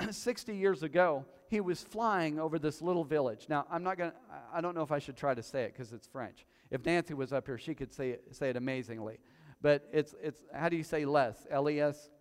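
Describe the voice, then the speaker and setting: A male pastor preaching a sermon to his congregation, telling stories with quiet asides that build to loud, emphatic peaks. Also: fairly high pitch. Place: church hall before a congregation. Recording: long hall reverb.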